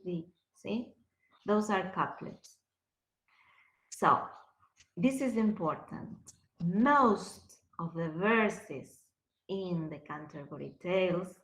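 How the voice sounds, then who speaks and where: A woman's voice: on the low side, echoey room, poor audio. A woman teaching a literature class, explaining step by step and checking that students follow. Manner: slow, explanatory, checks understanding with questions. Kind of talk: lecturing a class.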